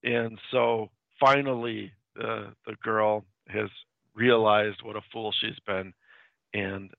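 A man casually retelling old film plots as a host, halting and restarting often. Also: lowish voice, level tone, creaky, dry recording. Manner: halting, with frequent restarts and repeated words. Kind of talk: casual chat. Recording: dry, tinny phone-like sound.

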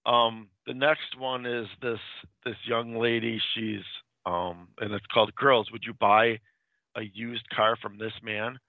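A man casually retelling old film plots as a host, halting and restarting often. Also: medium pitch, flat delivery, no room sound. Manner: halting, with frequent restarts and repeated words. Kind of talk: casual chat. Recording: dry, tinny phone-like sound.

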